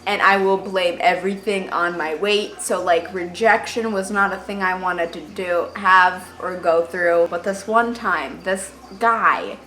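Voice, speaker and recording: A woman's voice: fairly low pitch, measured pace, few pauses, bright, forceful tone. A teenage girl telling stories to camera in a casual, rambling way, full of filler words and self-deprecating asides. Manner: chatty, rambling, heavy on "like" fillers. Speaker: vlogger.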